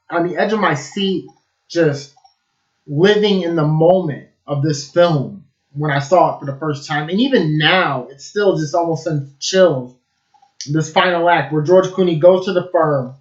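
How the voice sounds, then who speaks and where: A man's voice: a little high, roomy sound, muffled recording. A man giving a casual, enthusiastic film review, rambling with lots of fillers.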